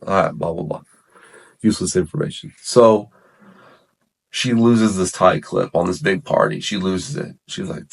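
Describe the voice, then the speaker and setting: In a casual chat, a guest shares his testimony of coming to faith, rambling, correcting himself mid-sentence and dropping "like" and "man" throughout. His very low, gravelly voice moves at a moderate pace, and the talk feels unscripted and relaxed, as if with one listener.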